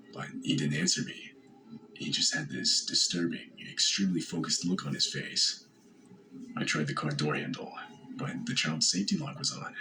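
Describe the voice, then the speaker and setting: A man narrating a first-person horror story in a steady, measured way. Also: extremely low pitch, noisy background. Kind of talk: scripted narration.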